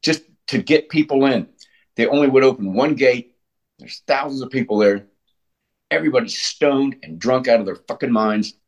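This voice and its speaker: A middle-aged man, a punk band frontman, talking bluntly and profanely in a casual interview, telling stories with animated emphasis. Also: medium pitch, normal speed, muffled recording.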